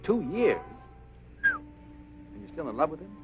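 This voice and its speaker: A man's voice: a little high, huge pitch swings, a little slow. An actor playing a breezy, teasing young American man with an American accent, on a dull old film soundtrack with music. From United States. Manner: breezy, wisecracking.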